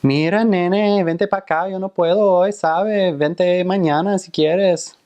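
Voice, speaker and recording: A man's voice: high voice, fairly even intonation, a little slow, warm tone, dull audio, pitched above the performer's own voice. A man imitating a sing-songy Puerto Rican woman at her door, speaking with a Puerto Rican Spanish accent and clipping her word endings. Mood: brushing off.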